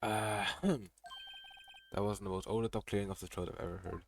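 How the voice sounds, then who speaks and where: A man's voice: low-pitched, fairly even intonation, very fast, creaky, mellow, a little hiss or hum. A man streaming a game, making casual commentary full of wry, joking asides. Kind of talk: casual let's-play commentary.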